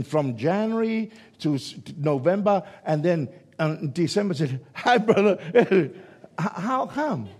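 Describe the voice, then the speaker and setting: A man delivers a sermon with a husky, gravelly voice sitting a bit above the usual male range. His delivery swings from hushed, stretched-out lines to sudden loud shouts. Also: a little high. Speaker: preacher.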